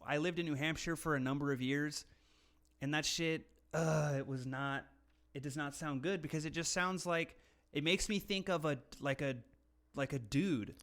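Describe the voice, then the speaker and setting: Man, podcast co-host, slightly higher voice, casual profane rambling, from California. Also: fairly even intonation, moderate pace, fairly bright tone. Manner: rambling, swears freely, mimics accents for laughs.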